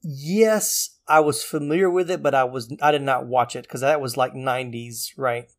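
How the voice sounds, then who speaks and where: A man's voice: medium pitch, normal speed. A man co-hosting a podcast, talking casually in a rambling way. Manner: chatty, rambling, laughs often. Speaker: podcast co-host.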